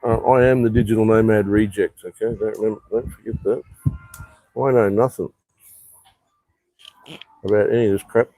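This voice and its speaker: A man's voice: fairly low pitch, steady tone, moderate pace, pauses often, mellow, no echo. A man chatting on a rambling live stream from an outdoor rooftop bar, swearing freely and reading out viewer comments. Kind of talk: casual live stream chat.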